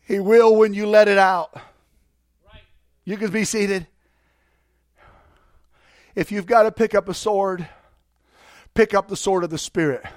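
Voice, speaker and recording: A pastor preaches fervently in a church sanctuary, urgently repeating himself as he exhorts the congregation and breaks into song. His voice is high-pitched, with no room sound.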